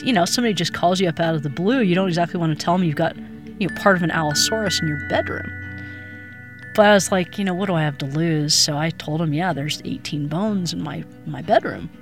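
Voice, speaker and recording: A middle-aged woman from Colorado recounting her past as an interviewee, a lively storyteller who acts out the voices she quotes. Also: on the low side, a little fast, music in the background.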